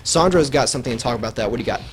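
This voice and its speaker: A young man with a slight Southern US accent hosting a casual school radio show, animated and laughing, with high excited bursts. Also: rapid-fire, slight background noise. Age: teens to young adult. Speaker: student radio host.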